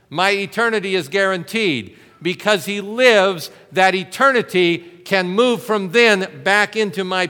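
Male pastor, sermon delivery, emphatic and interactive, bright tone with a long hall reverb. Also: high-pitched. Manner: emphatic preaching with rhetorical questions and audience interaction.

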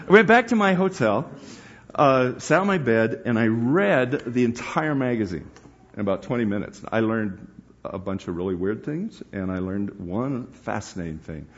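This middle-aged preacher speaks at medium pitch and a little slowly, telling a story to a live church hall audience. His sermon is animated, punctuated by laughter and acted-out voices, and the live recording sounds dull and lo-fi.

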